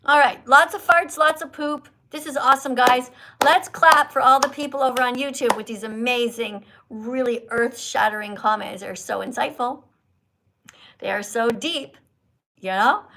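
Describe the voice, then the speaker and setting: A woman hosts a casual livestream and chats straight to her viewers. She talks in an animated, teacherly, playful way, and her voice sits a little high. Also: a little hiss or hum. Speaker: livestream host. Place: Italy.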